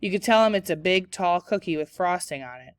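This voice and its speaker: A woman voicing a goofy, excitable schoolboy who rambles and insists. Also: on the low side, fairly quick, smooth, dry recording, lightly acted. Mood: insistent.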